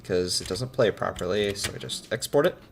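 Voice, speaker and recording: A man streaming himself editing a video, talking to himself in rambling casual chat that breaks into sudden loud outbursts. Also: low voice, fairly quick, gravelly.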